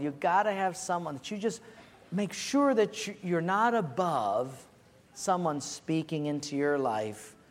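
A middle-aged male pastor preaching a sermon, animated and acting out comic stories. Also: a little high. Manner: animated storyteller, acts out voices. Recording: echoey church hall, faint ambience.

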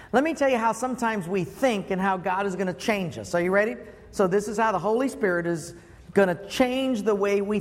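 A man's voice: high-pitched, long reverb tail. A man preaching a sermon, asking the congregation rhetorical questions with emphatic delivery.

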